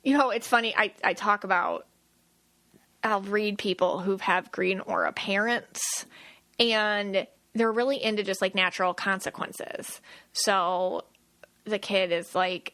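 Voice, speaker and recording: A woman hosting a podcast, explaining things in a chatty way and acting out quick quoted voices. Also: mid-range voice, fairly even intonation, a bit bright. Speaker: podcast host, aura reader. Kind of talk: casual explanatory podcast talk.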